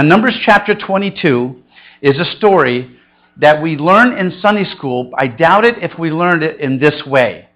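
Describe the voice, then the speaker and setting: Here a pastor in middle age keeps his sermon conversational and funny, performing the voices of people he quotes with large pitch swings. His tone is fairly bright, though the audio's highs are cut off.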